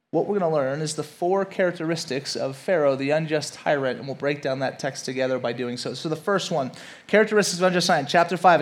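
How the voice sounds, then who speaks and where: A man giving a casual sermon, conversational, often repeating himself and asking listeners questions. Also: fairly high pitch. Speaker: pastor.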